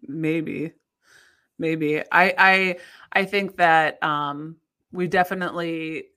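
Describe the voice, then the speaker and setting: A woman in her thirties from the United States co-hosts a podcast in casual chat, speaking slowly in a low voice. She animatedly retells her own story, restarting often and rising to exclaim.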